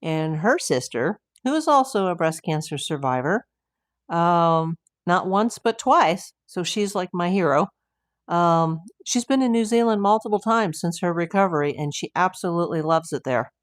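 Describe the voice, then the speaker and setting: An older woman from the United States talks in a casual livestream, her voice sitting low. She chats and wanders into asides as she reads out viewer comments. The sound is dry and close, with no room around it. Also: animated, moderate pace, no echo. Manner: chatty, rambling with asides and fillers. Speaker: livestream host.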